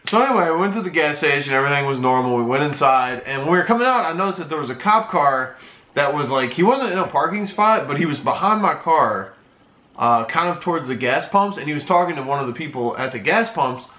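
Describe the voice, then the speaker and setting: Bright-voiced young man telling a story. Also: fairly high pitch, expressive, fast talker, roomy sound. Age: 20s. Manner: rambling, swears freely. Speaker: YouTuber and streamer. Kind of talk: casual story time.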